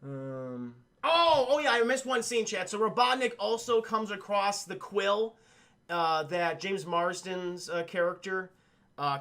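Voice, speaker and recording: High-voiced, rambling man on a livestream. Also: a bit bright. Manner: rambling, swears casually, addresses chat, many fillers. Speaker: film reviewer streaming to chat. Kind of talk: casual livestream commentary.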